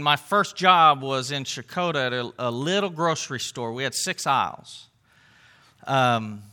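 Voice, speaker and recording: A man's voice: on the high side, pushed and bright. A man preaching a sermon, telling stories and putting questions to his listeners. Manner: storytelling, asks the congregation questions. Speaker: pastor.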